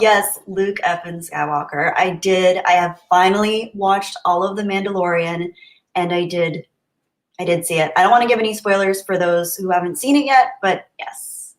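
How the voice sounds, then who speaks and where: A woman's voice: on the low side, moderate pace. A woman hosting a casual livestream, chatting and answering viewer comments aloud. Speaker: livestream host. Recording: roomy echo.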